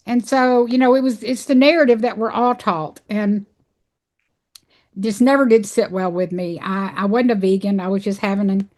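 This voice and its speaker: A woman's voice: medium pitch, fairly even intonation, moderate pace, darkish tone. A woman guest on a podcast, earnestly telling a personal story in a conversational way, with plenty of fillers and restarts. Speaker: podcast guest, animal sanctuary founder.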